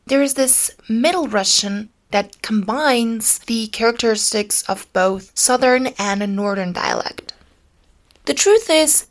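A woman hosting an educational podcast, explaining clearly and lifting her voice on key words. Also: mid-range voice, fairly bright tone. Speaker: podcast host.

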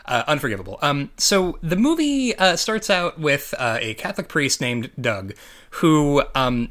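A man's voice: fairly high pitch, a bit bright. A man co-hosting a podcast, talking casually about movies in a rambling way, with lots of fillers and restarts. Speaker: podcast co-host.

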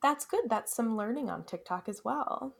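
A woman's voice: on the high side, lively intonation, moderate pace, gravelly, breathy edge. Curious woman podcast co-host. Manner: curious, asks lots of questions. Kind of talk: casual chat.

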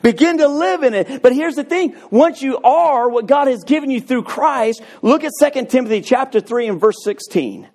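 A man preaching a sermon, animated and telling stories, acting out the voices of people in them. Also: very high voice, moderate pace, few pauses. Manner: animated, acts out voices in anecdotes. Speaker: pastor. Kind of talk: sermon with storytelling.

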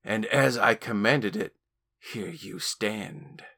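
A man's voice: on the low side, slow pace, pushed and bright, exaggerated voice. A man voicing a small, sly alien lord who speaks in a grandiose, sneering way. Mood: haughty.

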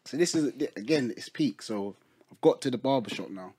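A man's voice: mid-range voice, moderate pace, husky. A young man, telling a funny story in casual chat and laughing a lot as he goes. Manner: animated, laughing storytelling in slang.

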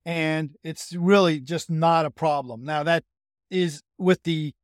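High-voiced man, wry podcast co-host. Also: fairly even intonation, slow, no room sound, clean studio sound. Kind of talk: casual podcast chat.

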